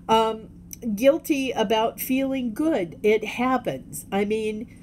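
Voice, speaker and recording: A woman speaking candidly in a personal video diary, halting often and restarting her sentences. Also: fairly high pitch, a little mellow, slight background noise. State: tearful. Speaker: vlogger.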